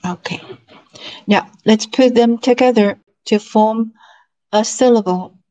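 Woman teacher going super slow over sounds and tones, bit higher voice, online class. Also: warm tone, lo-fi sound. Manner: slow, patient drilling of syllables and tones. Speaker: Chinese language teacher. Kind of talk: online language lesson.

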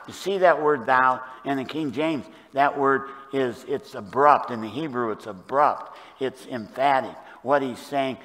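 An older man preaching a sermon as pastor, moving from hushed, quiet passages to loud, emphatic ones. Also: medium pitch, a little slow. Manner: dynamic, swings from hushed to loud emphatic delivery. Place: church sanctuary. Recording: long church reverb.

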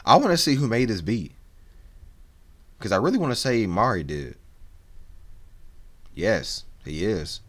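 A man's voice: lowish voice, big pitch swings, measured pace, pauses often, fairly bright tone. A man hosting a reaction video, talking in a frank, rambling, slang-heavy way with lots of restarts. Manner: frank and opinionated. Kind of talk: casual reaction commentary.

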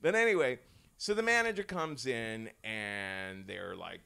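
A man's voice: mid-range voice, unhurried, creaky, smooth. A man, a comedian guest on a podcast, telling a story casually with lots of restarts, laughs and swearing. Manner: animated, restarts a lot, swears, laughs often.

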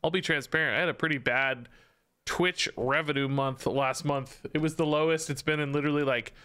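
A man's voice: on the high side, fairly even intonation, a little fast, pushed and bright, clear, resonant tone. A man streaming a card game, chatting casually, thanking subscribers and thinking aloud about his deck. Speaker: Twitch streamer. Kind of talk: casual live-stream commentary.

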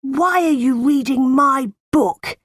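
A woman's voice: a little high, very animated, moderate pace, darkish tone, husky, dry recording, clean studio sound. A woman voicing a spoiled, bullying boy who bosses and whines. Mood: bossy. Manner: bossy, whining.

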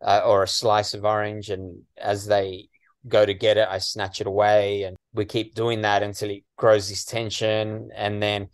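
An Australian man from western Sydney, a comedian guest in a casual interview, chatty and full of "you know"s and lively asides. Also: lowish voice, a little slow, clean tone, dry recording, clean studio sound.

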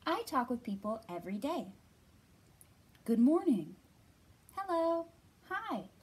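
A woman librarian leading a children's storytime, reading aloud in an expressive, bright manner and acting out the quoted lines. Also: high-pitched, slow pace, slightly rough.

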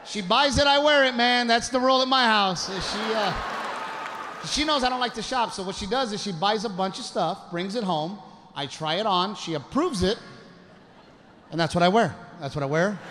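A man performing a stand-up comedy routine on stage, telling stories with animated energy and shouting some of his punchlines. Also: high-pitched. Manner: animated storytelling, acts out voices, shouts punchlines. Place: comedy stage before a live audience. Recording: live show with loud audience noise. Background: audience laughter.

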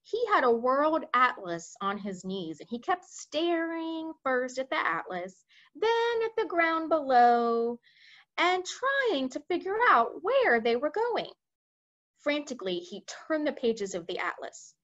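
A woman reading a children's book aloud with expressive storytelling. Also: sits high, slow, lo-fi sound. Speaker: reader.

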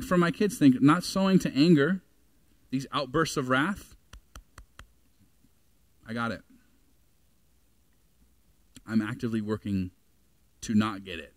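A pastor in his forties preaches a sermon in a church sanctuary, speaking conversationally and putting questions to the congregation. His pitch sits in the middle range, and the sound carries no echo.

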